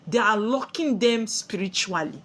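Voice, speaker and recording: Animated Nigerian woman preaching. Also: mid-range voice, moderate pace. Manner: preachy, asks rhetorical questions and answers them. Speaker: spiritual teacher. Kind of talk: spiritual sermon to camera.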